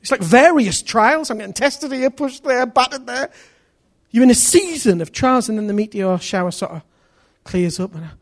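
A middle-aged man preaching a sermon in an animated way, acting out voices and swinging from loud to hushed. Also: very high-pitched, normal speed.

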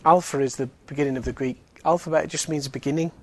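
A man's voice: a little high, steady tone, fast, dry recording. A man giving an evangelistic talk in a chatty style, full of fillers and joking asides. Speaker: Alpha course speaker.

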